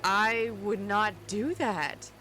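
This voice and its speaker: A woman playing a tabletop game, answering in character with indignant, quick retorts. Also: mid-range voice, pushed and bright, soft background music. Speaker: player.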